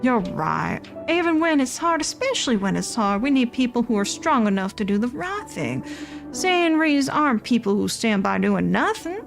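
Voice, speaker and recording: A tender old grandmother, voiced by a woman reading a game aloud, talks slowly and soothingly. Her lively, higher voice rises and falls warmly. Soft game music plays faintly underneath. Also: gravelly. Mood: encouraging. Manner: slow, soothing and affectionate. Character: gentle doting old grandmother on the phone.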